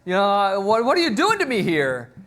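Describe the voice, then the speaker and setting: A man voicing a frightened woman medium in a shrill, alarmed voice. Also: monotone, a little slow, a bit bright, smooth. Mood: panicked.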